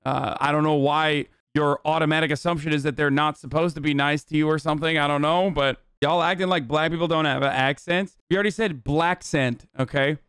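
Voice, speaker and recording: A man's voice: on the high side, steady tone, fairly quick, few pauses, fairly bright tone, clear, resonant tone, no room sound, studio quality. A man in his thirties commenting bluntly and with plenty of profanity while reacting to a clip on a live stream.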